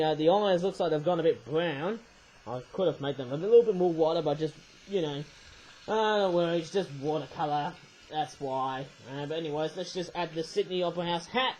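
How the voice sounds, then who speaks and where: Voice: medium pitch, dull audio. Chatty playful vlogger with giggles. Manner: chatty and playful, with frequent tag questions and giggles; exclaims and jokes loudly at mishaps. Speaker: toy review channel host. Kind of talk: casual toy review vlog.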